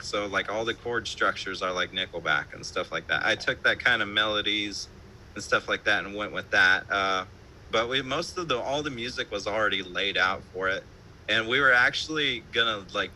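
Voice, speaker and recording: A man with a piercingly bright, somewhat low voice chats as an interview guest from his home. His stories ramble loosely, packed with fillers, casual swearing and laughter. A faint hiss sits under the streamed call. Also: normal speed, poor audio. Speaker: band musician, interview guest.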